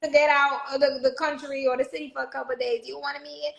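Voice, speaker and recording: A woman co-hosting a candid casual chat, lively and slangy, backing up her co-host. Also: high voice, quick pace, creaky, a loud crowd. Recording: echoey room.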